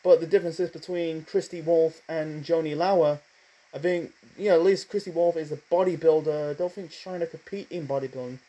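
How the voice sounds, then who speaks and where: A man giving a casual spoken review of a wrestling show, rambling with many fillers and asides, and admitting he talks too fast. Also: fairly high pitch, steady tone, warm tone, poor audio.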